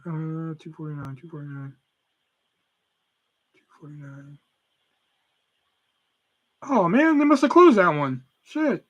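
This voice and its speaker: High, bright-voiced young man. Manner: profane, rambling, reads chat aloud. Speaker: livestream host. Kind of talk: casual live stream chat.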